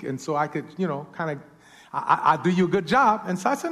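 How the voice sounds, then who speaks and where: A man's voice: fairly high pitch, animated, a little fast, fairly bright tone, in a large hall. A man preaching a sermon as a pastor, often repeating words and calling for amens from the congregation.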